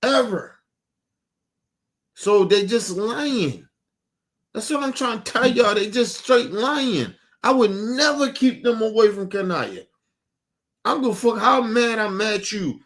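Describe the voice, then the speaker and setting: Man stream host, fiery profane rant, slightly high voice. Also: animated, takes it slowly, long pauses, a bit bright. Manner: heated, profane, repetitive ranting.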